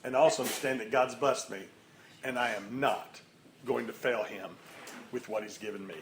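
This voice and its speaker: A man giving an energetic motivational sermon at a morning meeting, rallying the crowd with loud bursts. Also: mid-range voice, moderate pace, slight background noise. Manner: lively, rallying crowd, sudden loud outbursts. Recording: echoey room, faint ambience.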